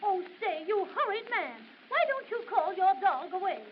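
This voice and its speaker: A woman playing a fussy spinster cat lady in an early novelty record sketch, with a high sing-song calling voice. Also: animated, normal speed, a little hiss or hum. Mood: indignant. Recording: dull early gramophone record with band.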